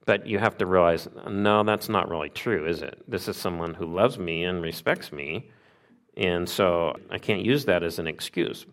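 A man's voice: deep voice, moderate pace. A middle-aged man preaching a sermon in a conversational way, asking his listeners questions and acting out quoted voices. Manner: conversational, asks the congregation questions. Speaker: pastor.

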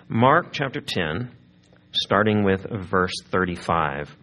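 A pastor delivers a sermon in an easygoing, conversational way. His voice sits a bit low for a man. He often turns to his listeners with questions. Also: expressive, moderate pace, fairly bright tone. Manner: conversational, asks the congregation questions.

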